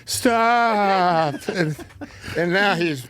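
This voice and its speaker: A man's voice: a little high, brisk, crowd noise. Folksy older man spinning a yarn. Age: 70s. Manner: rambling, folksy, laughs at his own tales. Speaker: host. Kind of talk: casual storytelling on a talk show.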